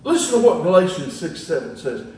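A man's voice: fairly high pitch, sing-song, brisk, a little mellow, heavy reverb, far from the mic, low-quality recording. An older man preaching a sermon in a folksy way, chuckling at his own jokes between scripture quotes.

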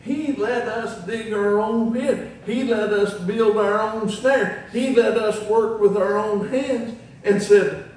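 An older man preaches in a folksy, chuckling way, his voice pitched high and his delivery slow and deliberate. He is heard from some distance in a very echoey church, with a faint room hum beneath. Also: fairly even intonation, a little mellow. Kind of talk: sermon.

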